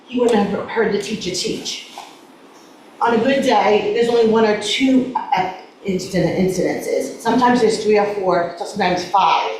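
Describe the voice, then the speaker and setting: A woman's voice: medium pitch, a little mellow. A woman speaks as a parent during public comment, trying not to cry as she halts and repeats words. Her voice comes from a podium mic some distance away, with a roomy echo and a faint hiss under it. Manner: halting, repeats words, pleading. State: holding back tears. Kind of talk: public comment at a school board meeting. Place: large echoey meeting room. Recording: echoey room audio with faint noise, from a distance.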